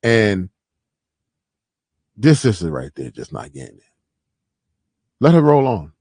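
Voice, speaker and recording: A man hosting a podcast, reacting to clips in casual, reflective commentary that often trails off quietly. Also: lowish voice, big pitch swings, slow pace, husky, no echo.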